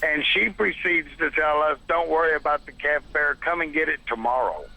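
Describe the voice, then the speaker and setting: Gravelly guy, bright and sharp, a cab driver telling what happened, kinda high voice. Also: normal speed, poor audio. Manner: plain-spoken, protective. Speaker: taxi driver. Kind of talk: recounting an incident in an interview.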